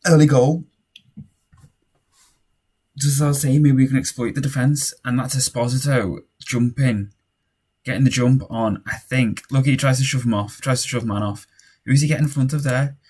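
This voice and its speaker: With a medium-pitched, husky voice, a young man gives brisk, steady-toned commentary on his own football management game. He shouts and cheers at goals and mutters under pressure.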